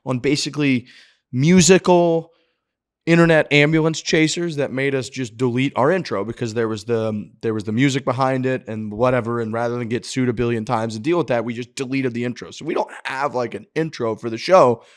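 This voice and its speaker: A man's voice: medium pitch, steady tone, brisk. A man co-hosting a golf podcast in casual chat, easygoing and teasing. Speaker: podcast co-host.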